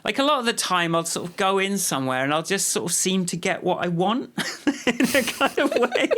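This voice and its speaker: A man's voice: high voice, big pitch swings, normal speed, sharp tone. An English man co-hosting a podcast, chatting casually about politics in a thoughtful, rambling way, often restarting his sentences. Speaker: podcast co-host.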